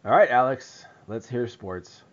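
A man co-hosting a casual podcast chat, animated, laughing and swearing freely. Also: mid-range voice, a little slow, lo-fi sound. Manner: animated, profane, laughs often. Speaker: podcast co-host.

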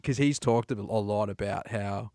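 A man, chatting about films as an animated storyteller. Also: fairly low pitch, moderate pace, no room sound, studio quality. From Australia. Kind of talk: casual film discussion.

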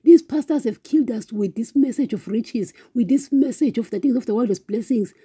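A woman delivers an impassioned, informal devotional talk, circling back over her points and speaking straight to her listeners. Her voice is very dark and mellow with a husky edge, and the recording is close and dry. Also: on the high side, brisk, no echo. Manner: impassioned, repetitive, keeps calling listeners "guys". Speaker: podcast preacher.

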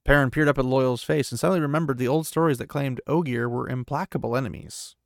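Young guy doing a chatty book recap, gravelly voice, dry close sound. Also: medium pitch, fast, few pauses, no echo. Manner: chatty, paraphrases with "he's like", self-corrects and laughs. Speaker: podcast host recapping a book. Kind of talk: casual book recap with read-aloud quotes.

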